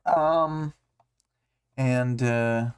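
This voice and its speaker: A man's voice: medium pitch, extremely slow, smooth. A man hosting a casual livestream discussion, recapping a story with many ums and uhs and putting on voices for quoted lines. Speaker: podcast host.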